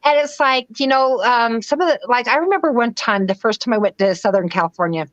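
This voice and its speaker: High-voiced, animated woman guest. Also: fast talker, no room sound, muffled recording. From western United States (Utah, Idaho). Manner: animated, acts out her own inner voice, laughs easily. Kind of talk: casual interview conversation.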